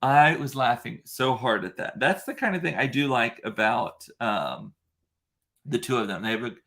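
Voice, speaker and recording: A man's voice: medium pitch, animated, moderate pace, a bit bright. A young man vlogging casually, rambling through a funny story with lots of ums and laughing asides. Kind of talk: casual chat to camera.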